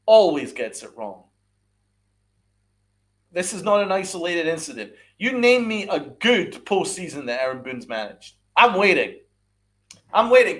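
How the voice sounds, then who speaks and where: A man hosting a podcast, ranting angrily and swearing, repeating his points and firing rhetorical questions at his listeners. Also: high voice. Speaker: podcast host. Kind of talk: angry sports rant with live chat.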